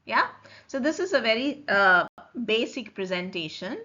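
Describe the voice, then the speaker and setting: A woman teaching French in a recorded lecture, explaining slowly, repeating forms and checking that students follow. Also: on the high side, big pitch swings, sharp tone. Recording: dull lo-fi recording.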